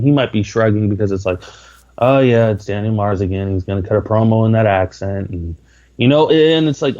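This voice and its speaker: Low-voiced rambling man, muffled audio. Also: a little mellow. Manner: rambling, heavy with "like" and "um" fillers. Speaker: podcast guest. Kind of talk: casual interview talk.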